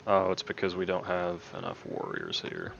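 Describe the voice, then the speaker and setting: A man hosting a gaming video, giving relaxed commentary and thinking aloud as he plays. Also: low voice, normal speed, creaky, dull audio, a little hiss or hum. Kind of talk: casual game commentary.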